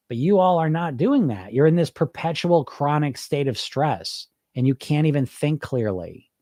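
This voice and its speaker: A man's voice: fairly high pitch, dark tone, no room sound, studio quality. A man hosting a weight loss coaching podcast, talking casually and energetically with frequent restarts and asides while answering listeners live.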